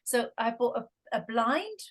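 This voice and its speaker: A woman's voice: on the high side, sing-song, measured pace. A middle-aged woman with a Scottish accent, a guest chatting casually and telling stories, often laughing as she talks. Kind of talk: casual conversation.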